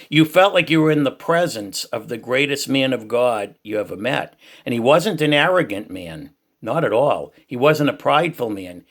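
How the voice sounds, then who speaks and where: Older Boston man, loud booming voice, emphatic heartfelt testimony, mid pitch. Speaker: Christian YouTuber sharing church reflections.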